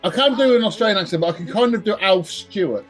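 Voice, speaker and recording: A man hosting a watch-along podcast with a fairly high voice. He drops wry, deadpan remarks in a casual way. Faint TV music runs underneath. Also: fast. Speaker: podcast host. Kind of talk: casual commentary.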